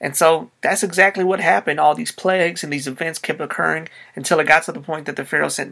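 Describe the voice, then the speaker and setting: A man's voice: on the high side, fast talker, vocal fry, few pauses, sharp tone. A man preaching a sermon in a casual, conversational way, using slang as he retells a Bible story. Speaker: pastor.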